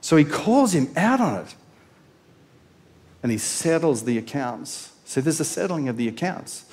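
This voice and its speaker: A male pastor giving a sermon, retelling scripture in an animated storytelling way. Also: on the high side, unhurried.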